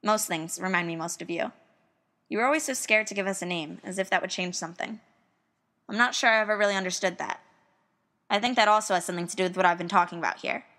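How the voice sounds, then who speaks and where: Young woman, student, scripted letter narration, earnest and wistful, tense bright tone. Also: medium pitch.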